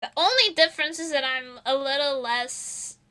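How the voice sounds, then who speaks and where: A woman's voice: high-pitched, lively intonation, normal speed, pushed and bright. A young adult woman streaming, chatting casually in a self-mocking way and swearing freely. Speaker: vtuber streamer.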